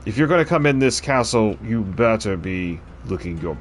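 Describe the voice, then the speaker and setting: A man's voice: fairly low pitch, expressive, moderate pace, a little hiss or hum, voice pushed down, close to an everyday voice. A man voicing a haughty king who gives pompous, commanding orders to his castle staff.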